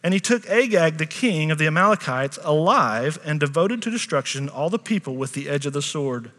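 A man's voice: fairly high pitch, expressive, a little fast, a bit bright, in a large hall. A middle-aged man preaching a sermon in a church in a conversational way, with asides and questions to the congregation. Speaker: pastor.

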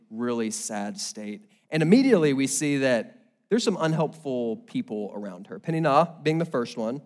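Young male pastor, expressive sermon storyteller, voice sits a bit high. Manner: animated storytelling with acted-out quotes.

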